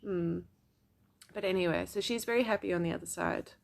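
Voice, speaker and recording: A young adult woman, a psychic medium telling a personal story to camera in a chatty, expressive way full of fillers. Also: on the low side, brisk, gravelly.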